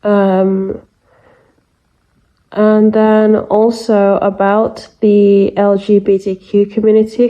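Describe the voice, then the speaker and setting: A woman's voice: mid-range voice, warm tone, muffled recording. A woman giving spiritual messages in a chatty, emphatic monologue full of fillers. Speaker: spiritual reader. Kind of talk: casual monologue to camera.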